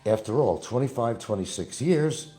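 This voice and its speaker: A man's voice: mid-range voice, animated, moderate pace, mellow, slightly rough, faint music behind. An older man from New York with a slight New York accent, rambling and repeating himself as he hosts a casual live stream and reads viewer comments. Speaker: YouTube livestream host.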